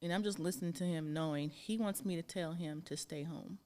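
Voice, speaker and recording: Frank, exasperated woman with a lowish voice. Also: fairly quick, darkish tone. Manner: frank and exasperated, swears freely. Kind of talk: casual chat.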